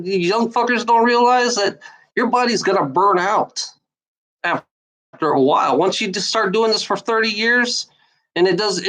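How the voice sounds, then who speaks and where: A woman's voice: mid-range voice, poor audio. A woman in her forties talking straight at the listener in a loose, casual monologue. She rambles, restarts and repeats phrases, and drops swear words all the time. Her tone is bitter and worn out. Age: 40s. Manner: rambling, repetitive, swears a lot. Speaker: vlogger giving life advice.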